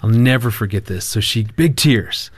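A man working as a marriage counselor, telling a family story in a casual chat, lively and restarting his words as he goes. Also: mid-range voice, moderate pace.

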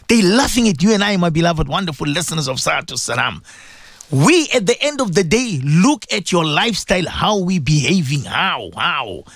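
A man's voice: sits high, big pitch swings, fairly quick, creaky, fairly bright tone, no echo, studio quality. A man giving an impassioned radio sermon, hammering home repeated rhetorical questions to his listeners. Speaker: radio presenter giving Islamic advice.

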